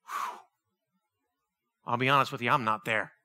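A man preaching a sermon, passionate, swinging between loud exclamations and quiet, earnest reflection. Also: mid-range voice, fairly even intonation, normal speed.

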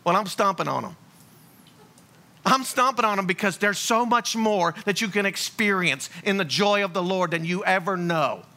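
A man preaching a sermon in a lively, blunt, joking way. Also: sits high, normal speed. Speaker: pastor.

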